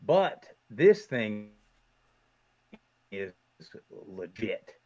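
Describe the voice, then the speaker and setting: A man's voice: fairly low pitch, big pitch swings, extremely slow, a little mellow. A man hosting a college football podcast, talking in an upbeat, promotional way. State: voice muffled by a costume mask. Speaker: podcast host. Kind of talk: casual sports chat.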